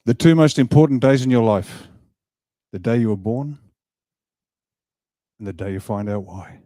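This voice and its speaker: A man delivering a rousing motivational speech to a hall, emphatic and full of asides. His voice is mellow and low-toned, and the sound is dry and close. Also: moderate pace. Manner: emphatic, animated, jokes with the crowd. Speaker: party leader giving a speech. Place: event hall.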